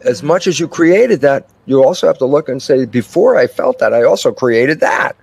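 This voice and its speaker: With a medium-pitched, slightly rough voice and vocal fry, this older man talks at a moderate pace. He's an interview guest giving expansive conversational explanations of his ideas, acting out small dialogues with himself as he tells animated stories.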